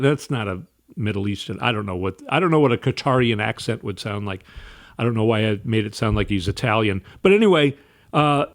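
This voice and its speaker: A man's voice: medium pitch, animated, brisk. A man delivering an indignant political commentary monologue, emphatic, with sudden raised outbursts.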